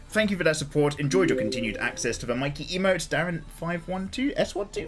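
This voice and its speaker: A man's voice: on the high side, sing-song, brisk, hardly any pauses, fairly bright tone, faint music behind. A man chatting casually on a live stream while he draws, greeting viewers and swearing freely.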